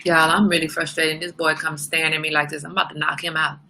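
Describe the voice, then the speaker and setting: A woman's voice: low-pitched, level tone, fast, gravelly, sharp tone. A woman hosting a casual livestream, chatting straight to her viewers. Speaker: livestream host.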